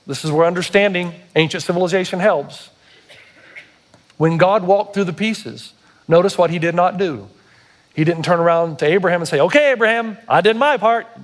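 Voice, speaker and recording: A man preaching from the pulpit in a notably high voice. He drives his points home with emphasis and keeps turning to the congregation with direct questions. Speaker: pastor. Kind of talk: sermon.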